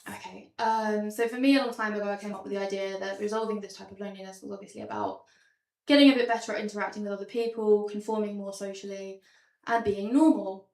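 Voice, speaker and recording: Captured from a distance with roomy sound, a young woman does a stand-up show with slides in a small theatre. Her mid-range voice is a little mellow and quick-paced, and her wry, self-deprecating jokes come with many ums.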